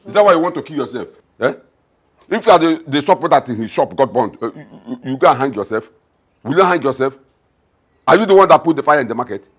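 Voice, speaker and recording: A mocking nigerian dad, middle-aged, swings his voice all over, a bit husky. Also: medium pitch, expressive, fast. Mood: scornful. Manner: mocking, loud, repetitive. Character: scornful middle-aged father, blunt and mocking. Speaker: father.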